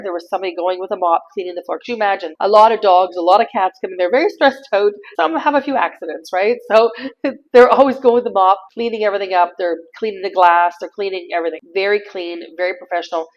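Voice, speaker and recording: A middle-aged woman from Canada, chatting in a casual vlog and telling stories in an animated way, laughing easily. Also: medium pitch, muffled recording. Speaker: vlogger.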